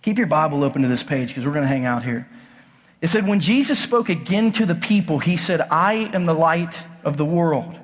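A man preaches with a fairly high voice, talking to the congregation in a casual but emphatic way. He keeps asking rhetorical questions. His voice rings out with a long reverb, as if in a large church auditorium. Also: expressive, fairly quick. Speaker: pastor. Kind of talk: sermon.

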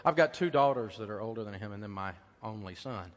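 Storytelling preacher in a reverberant hall. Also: male voice, lowish voice, expressive, quick pace. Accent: American. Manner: conversational storytelling, swings from loud to hushed. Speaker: pastor. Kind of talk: sermon. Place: church auditorium.

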